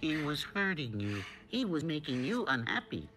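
An actor voicing a calm, menacing male robot doll from a horror film, speaking slowly in a soft, eerily even tone. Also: a little high, a little hiss or hum. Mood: gentle.

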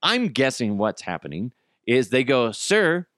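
A man riffs loosely on strange headlines, laughing and swearing as he goes. His pitch swings up and down a lot, and the close mic sounds dry. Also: big pitch swings, a little slow, a bit bright, no room sound. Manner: laughing, joking, profane. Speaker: podcast host. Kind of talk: casual comedic commentary.

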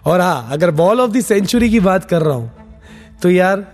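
High, rapid-fire podcast host. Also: male voice, music in the background. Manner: excited, mixes Hindi and English. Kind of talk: energetic podcast commentary.

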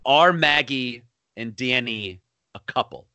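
A man's voice: mid-range voice, slow pace, bright, forceful tone, no room sound. A man co-hosting a casual movie chat, enthusiastic and laughing often as he recounts favorite lines. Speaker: podcast co-host.

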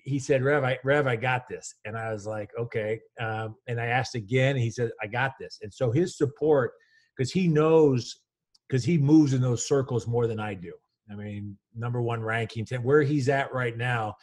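Man, fifties, basketball coach guest, energetic, rambling, restarts a lot. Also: mid-range voice, normal speed. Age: 50s. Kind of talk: casual storytelling interview.

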